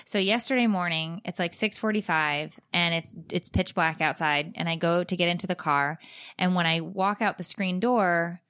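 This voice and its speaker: A mother co-hosting a podcast, telling stories in a chatty, animated way and acting out the quotes. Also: on the low side, normal speed, clear, resonant tone. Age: adult mother. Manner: animated, comic storytelling with acted-out quotes. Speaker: podcast co-host. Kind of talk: casual chat.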